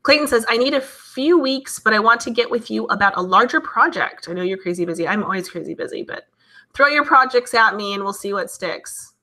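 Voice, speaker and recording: A woman's voice: a little high, lively intonation, brisk, pushed and bright. A woman in her thirties, hosting a live stream, reads chat messages and chats casually in a giggly, emotional way. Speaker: livestream host reading chat.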